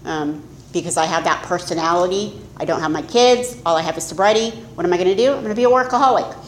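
A woman's voice: lowish voice, fast, slight background noise. A middle-aged woman giving a candid, self-mocking personal testimony as a speaker at a recovery meeting. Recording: echoey room with faint ambience.

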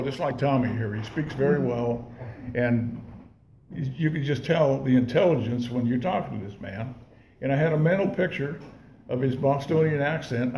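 A man's voice: mid-range voice, darkish tone, slight background noise. A man sharing his recovery story with an audience in a rambling, profane, folksy way, full of restarts. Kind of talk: casual spoken storytelling to an audience. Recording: echoey room.

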